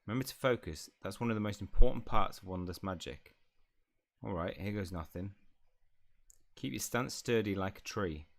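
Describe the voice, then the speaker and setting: A man voicing a teasing older brother wizard in a fantasy game, read aloud in a calm, plain way. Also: lowish voice, moderate pace, creaky. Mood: coaching.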